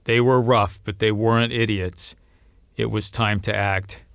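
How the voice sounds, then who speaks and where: A man reading a novel aloud as narrator, in a steady storytelling manner. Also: a little slow, gravelly, dry recording, clean studio sound. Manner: steady storytelling, lifts pitch and volume for quoted voices. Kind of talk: audiobook reading.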